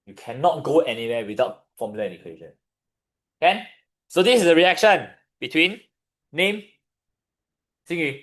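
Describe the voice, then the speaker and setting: A man with a Singaporean English accent leads a chemistry revision lesson, his pitch swinging widely as he explains. He keeps turning questions on the class and waits for replies. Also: animated, a bit bright. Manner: questions the class, pausing for answers. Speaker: chemistry tutor.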